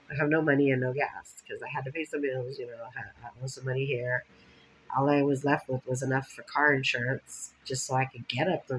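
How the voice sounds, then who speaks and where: A woman's voice: a bass voice, slight background noise, poor audio. A woman from Los Angeles County chatting casually in a rambling vlog, laughing often and acting out what others said. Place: lying down at home.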